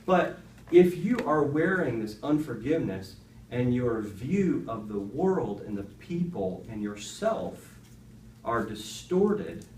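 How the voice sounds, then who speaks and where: A man tells a Bible story to a class in a lively, conversational way and turns to the students with rhetorical questions. His voice sits at an ordinary middle pitch. The classroom sounds roomy and the mic is set back from him, with a faint hum of the room behind. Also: far from the mic. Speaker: youth speaker teaching a class. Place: high school classroom.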